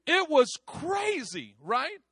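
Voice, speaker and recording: A middle-aged man preaching, telling a story with lively acted-out voices and frequent laughter. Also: very high-pitched, slow, no echo, clean studio sound. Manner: animated, acts out voices, laughs often. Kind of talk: sermon storytelling.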